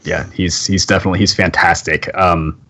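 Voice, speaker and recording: Chatty low-voiced man hosting a stream. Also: fairly even intonation, a little fast, sharp tone. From Texas, USA. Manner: chatty, laughs often, many fillers and restarts. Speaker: podcast host. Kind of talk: casual live-stream chat.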